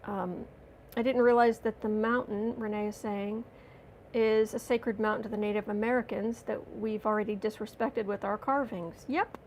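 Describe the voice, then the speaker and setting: A woman hosts a livestream as a tarot reader, reading out viewer comments while chatting casually and sarcastically. Her voice is medium-pitched, steady and a little mellow at a normal speed, with a little hiss or hum in the background.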